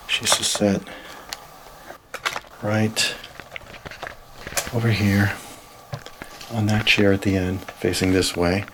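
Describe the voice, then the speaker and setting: A man filming alone inside a house for a paranormal video diary, nervously calling out to spirits and often dropping to a hushed whisper. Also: on the low side, level tone, takes it slowly, pauses often, background noise. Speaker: paranormal vlogger. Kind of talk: solo ghost-hunting video diary.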